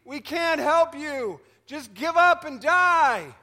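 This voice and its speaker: A man voicing a group of cynical frogs who call down into a pit, loud and high. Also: lively intonation, takes it slowly, exaggerated voice. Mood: dismissive.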